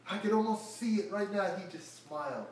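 A man's voice: high-pitched, lively intonation, normal speed, a little mellow, slight background noise. A man preaching a verse-by-verse sermon, acting out the Bible characters in casual everyday speech. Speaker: pastor. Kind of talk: expository sermon. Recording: echoey room, voice from far off the mic.

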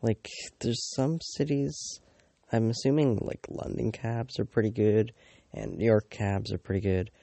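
Gravelly, drawling teenage boy ranting. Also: on the low side, fairly even intonation, measured pace, mellow, no echo. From Canada. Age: teens. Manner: rambling, filler-heavy, swears often, mocking asides. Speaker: vlogger. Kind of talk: casual rambling storytime.

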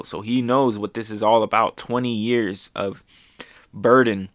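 Low-voiced man recapping manga. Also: moderate pace, no room sound, clean studio sound. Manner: excited, often dropping soft. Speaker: podcast host.

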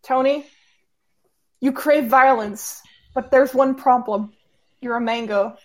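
A woman who is a podcast guest, chatting casually in a slow, playful way. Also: sits high. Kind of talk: casual chat. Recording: loud crowd noise behind.

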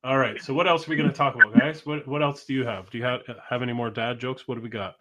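A man's voice: medium pitch, fairly even intonation, fast, sharp tone, slight background noise. Joking man hosting a live show. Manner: joking, rambling, laughs often. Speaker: host. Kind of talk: casual live show chat.

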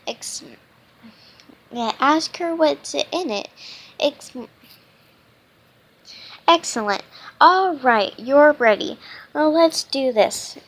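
A woman reading a children's storybook aloud, halting often and restarting her words. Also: sits high, animated. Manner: halting, with frequent restarts and stumbles. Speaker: children's book reader.

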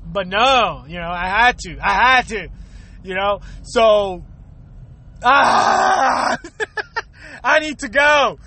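A man's voice: high voice, expressive, slow, sharp tone. A man hosting his own show, ranting from his car in traffic, swearing often, laughing and asking rhetorical questions. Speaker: show host. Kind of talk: profane comedic rant.

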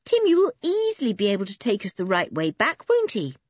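A woman voicing an excited young boy who shouts eagerly for his cousin. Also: a little high, brisk, no echo, dull audio.

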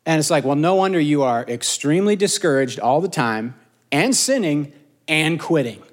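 Animated joking male preacher. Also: a little high, normal speed. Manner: animated, joking, self-mocking storyteller. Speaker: pastor. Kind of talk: casual sermon.

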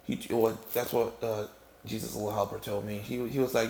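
Man, comedic monologue, gravelly voice, rambling asides, roomy recording with faint ambience. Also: fairly low pitch, little pitch movement, brisk, darkish tone, a little hiss or hum. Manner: rambling, with many asides and restarts. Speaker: comic storyteller.

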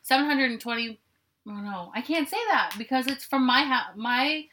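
A young woman co-hosting a loose podcast conversation, her voice bright and ringing. She swings her pitch widely, teasing and giggling as she fires off quick questions. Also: animated, a little hiss or hum. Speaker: podcast co-host. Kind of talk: casual chat.

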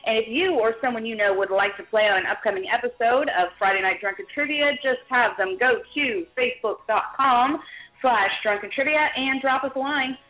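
A woman with a fairly high voice speaks briskly over soft background music, hosting a drinking trivia show as quizmaster. Her talk is loose and folksy with plenty of ums and uhs, recorded with tinny lo-fi sound in an echoey room.

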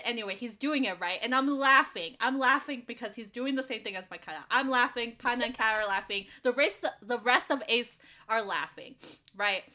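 A young woman telling a story in casual chat with friends, giggly and full of fillers. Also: fairly high pitch. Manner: giggly, animated, lots of fillers.

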